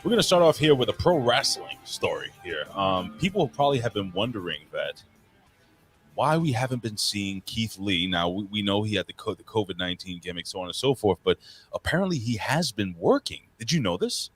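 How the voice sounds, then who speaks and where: A man co-hosting a wrestling podcast, talking in an excited, profane, rambling casual way. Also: on the low side, fairly quick, faint music behind. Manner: excitable, profane, jumps between topics. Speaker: podcast co-host. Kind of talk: casual chat.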